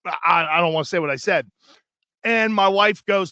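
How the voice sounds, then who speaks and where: A man's voice: high-pitched, normal speed, pushed and bright, clear, resonant tone, no echo, dull audio. A man co-hosting a sports talk show, telling a profane, worked-up story and acting out what people said. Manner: profane, worked-up anecdote with acted-out quotes. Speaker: radio show host. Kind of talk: animated storytelling, casual chat.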